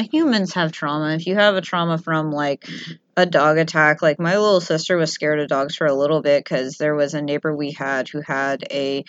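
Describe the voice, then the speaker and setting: A young woman chats with friends in a slightly low voice, rambling through anecdotes and acting out the people in them. The recording is dry and a little muffled, with no room sound. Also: fairly bright tone, no echo. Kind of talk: casual chat.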